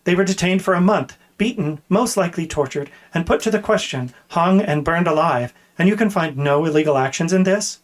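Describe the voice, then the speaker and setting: A man's voice: high-pitched, brisk, hardly any pauses, voice pushed up, natural voice. A man reading aloud voices an indignant young princess-elect, speaking in a raised, demanding, exasperated way.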